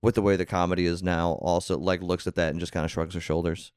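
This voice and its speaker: Brief: congested comedian guest, very low smooth voice, dry close sound, unsure and rambling. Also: male voice, level tone, fast, a little mellow, no room sound. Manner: hesitant, self-doubting, rambling. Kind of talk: casual podcast chat.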